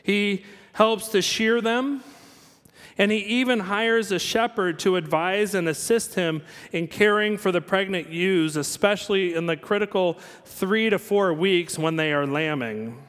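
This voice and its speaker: A pastor with a notably high voice preaches in a church, his words trailing off into a long hall reverb. He tells stories conversationally and drops in dry little jokes. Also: measured pace, fairly bright tone. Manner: conversational storytelling with asides and small jokes. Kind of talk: sermon.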